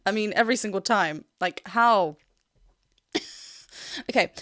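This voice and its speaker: A woman's voice: mid-range voice, moderate pace, long pauses, fairly bright tone, no echo, studio quality. A woman vocal coach giving an enthusiastic analysis in a reaction video, often laughing and breaking into short sung demonstrations. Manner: laughs often while explaining.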